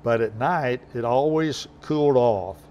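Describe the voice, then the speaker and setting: An older man from New Mexico, a university president, answering interview questions at home in a gentle, unhurried, folksy way. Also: mid-range voice, muffled recording. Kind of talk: casual interview. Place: home, indoors.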